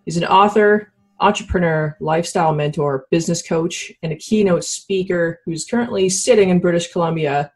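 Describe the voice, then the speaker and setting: A woman's voice: fairly low pitch, normal speed, hardly any pauses, husky, soft background music. A woman from Canada hosting a casual podcast interview, chatty and laughing often, with a sleepy early-morning voice. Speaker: podcast host. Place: home studio in Ottawa.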